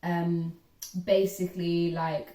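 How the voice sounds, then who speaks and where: A young woman, chatting casually as host and telling her story with animated acted-out quotes. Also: fairly low pitch, slow pace, recorded from a distance. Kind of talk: casual chat. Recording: echoey room, voice from off-mic.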